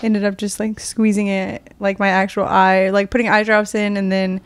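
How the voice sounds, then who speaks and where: A woman's voice: mid-range voice, moderate pace, clean tone, no room sound. A woman co-hosting a casual podcast, chatting loosely with plenty of fillers. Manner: relaxed and conversational, many fillers. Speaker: podcast co-host. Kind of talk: casual chat.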